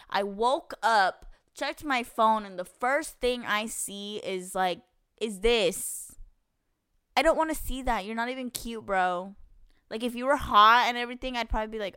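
A woman's voice: a little high, moderate pace, pushed and bright, smooth, dry recording, studio quality. A young woman co-hosting a podcast, telling a story in casual chat, swearing and laughing often. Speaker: podcast co-host.

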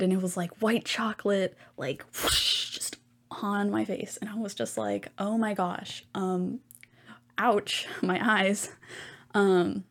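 A woman's voice: medium pitch, darkish tone. A young woman hosting a solo podcast, chatting casually and rambling with lots of ums and side comments. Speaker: podcast host.

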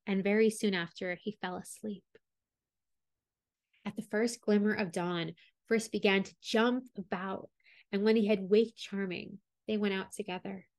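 A woman storyteller reading a fairy tale aloud in a calm, measured way. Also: medium pitch. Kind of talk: storybook read-aloud narration.

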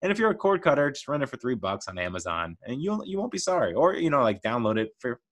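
Young male podcast host, mid-range voice, chatty, excitable movie-fan energy. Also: medium pitch, fast. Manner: enthusiastic, chatty, playful. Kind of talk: casual movie review monologue.

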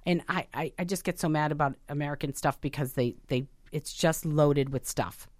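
A woman's voice: sits low, normal speed, no room sound, studio quality. A woman chatting casually on a talk show, going through points from a list and adding her own stories.

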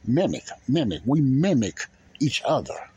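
Husky man rambling in plain talk. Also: medium pitch, very animated, unhurried, darkish tone, dull audio. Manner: rambling, repeats phrases, folksy plain talk. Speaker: podcast host. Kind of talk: casual spoken monologue.

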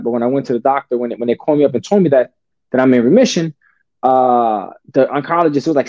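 A man's voice: mid-range voice, warm tone, dry recording. A man as a podcast guest telling his story in a casual, profane way, often calling the listener "brother" and restarting his sentences. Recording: dull lo-fi podcast audio.

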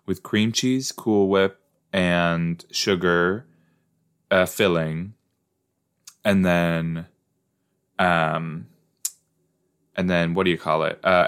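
Young male podcast host, deep and unhurried, rambling, jokey watch-along chatter. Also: a bit bright, clean tone. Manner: chatty, rambling, easily startled, playful asides. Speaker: podcast host reacting to an episode. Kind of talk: casual watch-along commentary.

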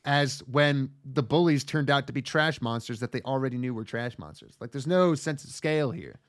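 A man's voice: medium pitch, animated, moderate pace, no room sound, studio quality. A man co-hosting a casual anime recap, sarcastic and profane, slipping into silly voices to act out scenes. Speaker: podcast co-host.

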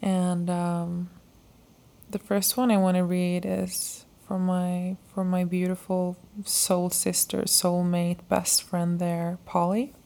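A woman podcast host reading her personal journal letters aloud in a soft, intimate, heartfelt way. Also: on the low side, monotone, slow pace, gravelly.

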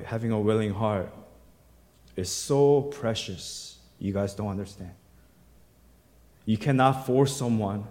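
A male pastor preaching a sermon, reading scripture aloud and building to loud, emphatic bursts before dropping back to a quiet voice. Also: lowish voice. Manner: reads scripture aloud, acting out the quoted voices. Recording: long hall reverb.

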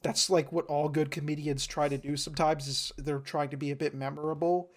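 A man's voice: on the high side, flat delivery, brisk. A man with a slightly raised voice talks casually on a podcast. He is eager and enthusiastic and often stumbles and repeats a word before he carries on. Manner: enthusiastic, repeats words as he restarts. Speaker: podcast co-host. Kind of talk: casual chat.

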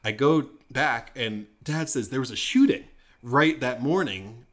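A man's voice: mid-range voice, a little slow. Young man telling a story with laughs. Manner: animated storyteller, laughs often, acts out quoted dialogue. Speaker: podcast co-host. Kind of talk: casual chat, storytelling.

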